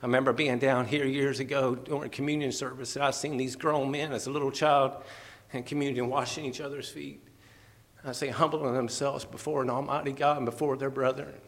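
A man preaching a fervent, emotional sermon, at times teary and laughing softly. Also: mid-range voice, little pitch movement, brisk.

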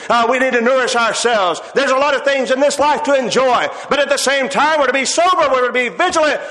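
A man preaching in a folksy, wry way, pausing on little "uh"s as he tells the story. His voice sits high for a man. It rings out through a big echoey hall with a long, trailing reverb. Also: a bit bright. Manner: folksy storytelling with hesitant fillers and wry humor. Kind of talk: sermon.

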